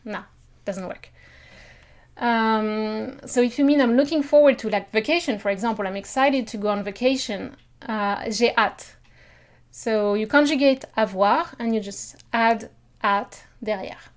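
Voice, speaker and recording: French lady explaining stuff in a friendly chatty way, kinda high voice, french accent. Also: unhurried. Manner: chatty, reassuring, mixes in French phrases. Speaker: language teacher. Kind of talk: casual video lesson.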